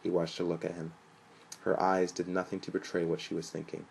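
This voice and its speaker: A young man reading a story aloud in an even, flat manner, lifting his voice for quoted lines. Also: sits low, fairly quick, creaky, husky, low-quality recording. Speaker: narrator.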